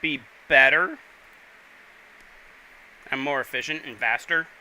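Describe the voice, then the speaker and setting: A man's voice: mid-range voice, slow pace, bright, forceful tone, rough recording. A man hosting a casual gaming livestream, chatting and rambling to viewers while he plays. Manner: chatty, rambling, talks to chat while playing. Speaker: livestream host.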